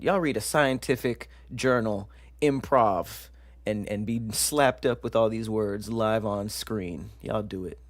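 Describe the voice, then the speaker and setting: A man's voice: on the low side, no echo. A man hosting a casual live stream, joking with chat and stumbling over long science words as he reads them aloud. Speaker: livestream show host.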